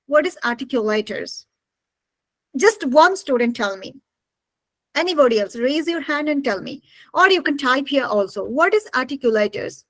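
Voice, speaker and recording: Lady teaching english online, high voice, keeps asking students stuff, dry sound. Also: animated, normal speed, no room sound. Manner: questions students and mixes in Bengali. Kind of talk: online class lecture.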